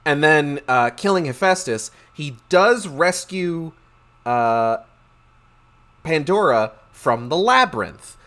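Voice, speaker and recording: A man's voice: on the high side, lively intonation, takes it slowly, a bit bright. A man casually recapping game lore with sarcastic, profane, slangy humor and lots of fillers.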